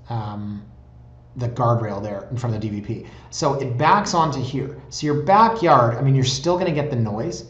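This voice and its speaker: A chatty man with a middle-range voice gives casual, sarcastic commentary on home listings and often wanders off on tangents. The sound is roomy and a little dull. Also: mid-range voice. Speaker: real estate blogger. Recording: roomy, slightly dull recording.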